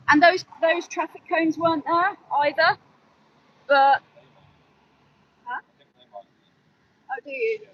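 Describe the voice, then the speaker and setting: A young woman with a bright, high voice and a Midlands accent. She chats casually with viewers, then turns earnest and preachy. She is out by a road on her phone, with loud vehicle noise around her. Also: highs cut off. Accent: English Midlands. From English Midlands. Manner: chatty, answers viewer comments, earnest when preaching. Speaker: animal rights activist livestreamer. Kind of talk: casual livestream chat. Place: outdoors by a road. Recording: loud outdoor traffic noise.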